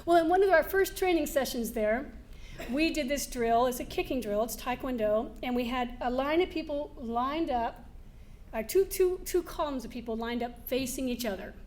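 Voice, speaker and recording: A woman giving a keynote speech to a live audience, telling lively personal stories, laughing now and then and acting out the scenes. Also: sits high, normal speed, slight background noise. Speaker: motivational speaker. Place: event hall before a live audience.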